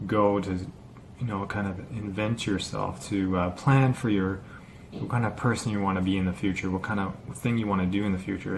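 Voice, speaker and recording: Casual vlogger, male, lowish voice, halting off-the-cuff delivery full of fillers. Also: a little hiss or hum. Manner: rambling, halting, many fillers and restarts. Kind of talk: casual unscripted vlog talk.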